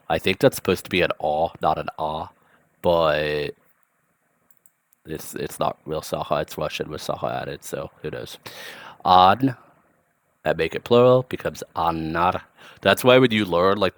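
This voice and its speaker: A man giving a relaxed vocabulary and grammar lesson, thinking aloud with frequent ums and asides. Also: low-pitched, dry recording, clean studio sound. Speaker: language teacher.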